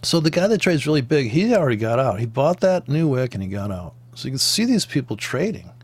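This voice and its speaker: With a husky, medium-pitched voice, a very animated man talks fairly quickly, riffing profanely and jokingly about forex trading. He keeps wandering off on tangents, laughing and making sound effects along the way.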